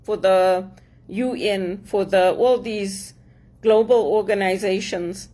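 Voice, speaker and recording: A woman's voice: mid-range voice, steady tone, takes it slowly, mellow. A woman with a mix of English and African accent, giving an earnest, emphatic personal monologue to camera and repeating her points. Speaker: vlogger.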